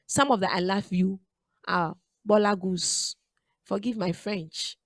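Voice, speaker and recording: A woman's voice: medium pitch, fairly even intonation, slow pace, no echo. A woman hosting a radio talk show, giving preachy, emphatic advice and repeating her key phrases. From Ghana.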